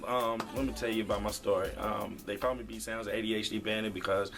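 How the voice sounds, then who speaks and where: A man's voice: on the low side, level tone, fast. A man who is a DJ and radio personality chatting casually, with easygoing hesitant fillers. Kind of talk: casual chat. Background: hip hop music.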